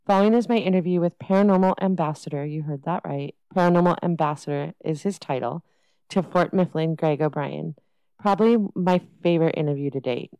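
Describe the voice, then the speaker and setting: Female podcast host reading her script, smooth, mellow tone, dry studio sound. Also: sits low, fairly quick, dry recording, lo-fi sound. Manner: reads a prepared script.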